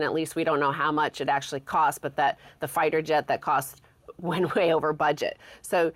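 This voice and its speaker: Measured woman reading news quotes. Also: low-pitched, no echo. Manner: measured, explanatory. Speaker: co-host. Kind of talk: talk show commentary, reading news quotes.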